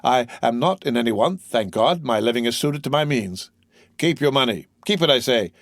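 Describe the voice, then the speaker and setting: A man's voice: mid-range voice, expressive, normal speed, dry recording, clean studio sound, natural voice. A man voicing a greedy young male tailor with a broad Marseille accent, speaking in a hearty, fawning, insinuating way. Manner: grinning, overly hearty, insinuating.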